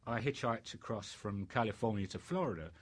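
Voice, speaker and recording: A man's voice: lowish voice, lively intonation, fairly quick. An older man with a British accent, rambling through life stories in a casual interview, full of fillers and restarts. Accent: British English. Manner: rambling anecdotes with many fillers. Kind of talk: storytelling in casual chat.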